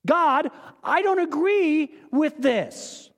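Brief: a reluctant male prophet crying out to God, high and strained, big echoing sanctuary, as a preacher puts him on. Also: animated, drawn-out words, heavily acted. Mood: protesting. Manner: protesting, pleading.

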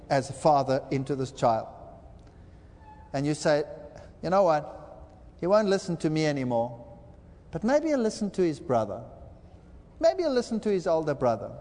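A man's voice: a little high, darkish tone, long reverb tail. A man preaching a sermon lecture, telling a dramatic parable and acting out the quoted lines. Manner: dramatic storytelling with acted-out quotes.

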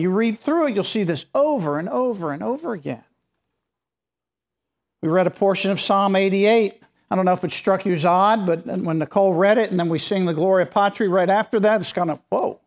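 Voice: mid-range voice, darkish tone. A pastor preaching a sermon in a conversational but emphatic way, with informal asides.

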